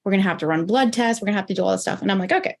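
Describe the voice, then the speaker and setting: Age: 30s. Sex: woman. Role: podcast guest. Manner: animated storyteller, acts out quoted dialogue. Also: mid-range voice, very fast. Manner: animated, acts out her own and others' quoted lines with lots of "like". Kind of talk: personal storytelling in an interview.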